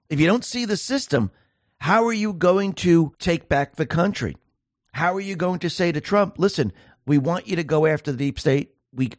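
A man's voice: on the high side, no echo, studio quality. A man hosting a solo political commentary show, talking emphatically and piling up rhetorical questions.

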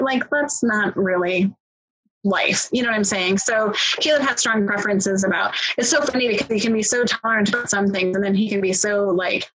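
A woman's voice: mid-range voice, fairly bright tone, slightly rough, rough recording. A woman co-hosting a casual parenting chat, talking in a rambling way with many fillers. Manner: chatty, rambling, lots of fillers. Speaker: podcast co-host, parent.

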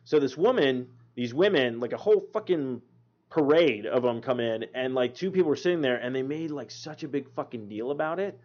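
A man's voice: medium pitch, animated, a little fast, darkish tone. A man telling a rambling, profane story in casual chat, acting out the people he quotes. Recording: muffled lo-fi recording.

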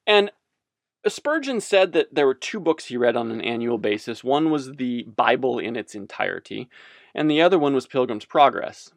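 A man's voice: mid-range voice, big pitch swings, moderate pace, creaky, no echo, studio quality. A man giving casual religious commentary as a podcast host, rambling and self-amused, wandering off on tangents.

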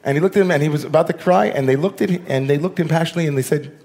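A man, a rabbi giving a sermon, telling stories that swing between animated bursts and hushed, slow lines. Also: a little high, vocal fry.

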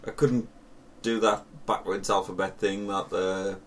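A man's voice: low voice, flat delivery, unhurried, fairly bright tone, distant mic, slight background noise. A young man with a Sunderland accent, co-hosting a podcast and telling a story animatedly, with swearing and laughter. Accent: Northern English (Sunderland). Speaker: podcast co-host. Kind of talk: casual chat.

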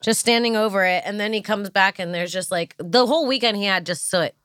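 A woman's voice: mid-range voice, fairly quick, a bit bright, smooth, no room sound, studio quality. A woman co-hosting a casual podcast chat, telling stories with swearing and acted-out quotes. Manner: swearing, storytelling, acts out quotes. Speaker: podcast co-host.

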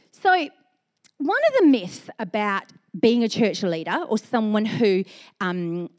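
Animated woman preacher telling stories. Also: a little high. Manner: storytelling, self-mocking humor, animated asides. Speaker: pastor. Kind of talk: sermon.

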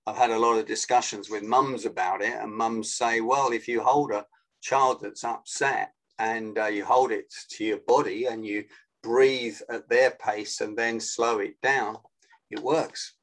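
A man, a guest on a video call interview, explaining with animated energy and acting out phone greetings. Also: on the low side, a little slow, rough recording. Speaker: guest, sales and influence trainer.

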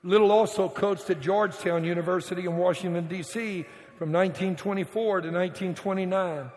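A male pastor preaches to his congregation in a fairly high voice. He tells his story with dramatic swings, dropping to a hush and rising to a shout. His voice rings out with a long reverb through the church sanctuary. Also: steady tone, brisk. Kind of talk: sermon.

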